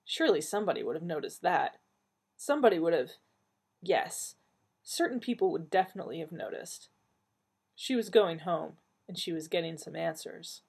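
Brief: female audiobook narrator, husky tone, very lively intonation. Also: lowish voice, moderate pace. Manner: dramatic, rising with the heroine's alarm.

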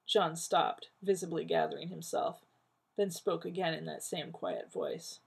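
A woman narrating a work of fiction at a steady, even pace in a husky, gravelly voice. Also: on the low side, a little slow. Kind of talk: audiobook reading of fiction.

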